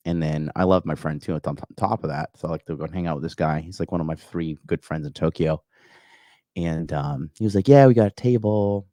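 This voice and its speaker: A very low-voiced man in his thirties hosts a call-in livestream, chatting in a loose, rambling way. He swears often and fills his talk with "like" and "you know." The sound is close and dry, with almost no room echo. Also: a little fast, dark tone. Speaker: call-in show host. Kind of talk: casual livestream chat reading viewer comments.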